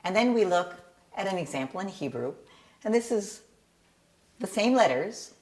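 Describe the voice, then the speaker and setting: A woman's voice: medium pitch, lively intonation, moderate pace, darkish tone. A woman who tutors bar and bat mitzvah students in cantillation, patiently explaining her teaching method and singing short examples.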